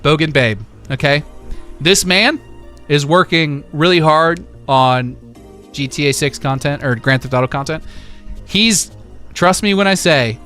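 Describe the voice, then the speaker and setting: A man hosting a casual livestream, reading chat and reacting in an animated, hype-driven way with lots of filler words. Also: a little high, a little slow, faint music behind. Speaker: livestream host.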